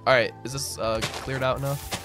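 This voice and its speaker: A man with a medium-pitched voice, talking at normal speed, chats casually while gaming on his stream. As streamer and owner of the server, he answers viewers aloud in a relaxed manner, frequently calling them "bro," with background music playing.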